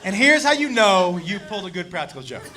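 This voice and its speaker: A male stand-up comedian telling a crude story, animated and loud, shouting his punchlines. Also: sits high, fairly quick, crowd noise. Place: comedy club stage. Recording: live club set with audience laughter and noise. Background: audience laughing.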